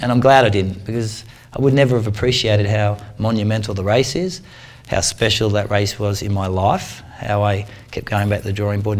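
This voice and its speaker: Animated man telling a race story. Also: on the low side. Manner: animated, slangy storyteller who acts out the people in his stories. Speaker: guest speaker, triathlete. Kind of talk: storytelling talk to a club audience.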